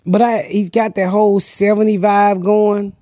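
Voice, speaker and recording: A brash, middle-aged woman spins comic stories on a podcast, loud and profane, breaking into laughter as she goes. Her voice sits close and dry with no room sound. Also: medium pitch, little pitch movement, normal speed, dry recording. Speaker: podcast host, comedian. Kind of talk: casual comedic storytelling.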